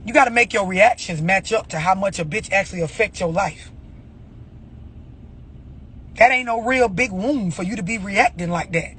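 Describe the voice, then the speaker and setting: A man's voice: high-pitched, normal speed, pauses often, fairly bright tone, slight background noise. A man giving a blunt, profane motivational rant about overreacting, full of rhetorical questions. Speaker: motivational speaker.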